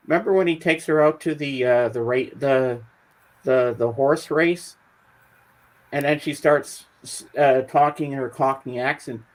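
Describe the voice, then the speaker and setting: An upbeat man chats as a regular co-host, eagerly talking about films and soundtracks. His voice sits at an ordinary male pitch. He keeps the talk bubbly and friendly. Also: rough recording. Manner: upbeat, chatty, bursts into song snippets. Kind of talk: casual chat.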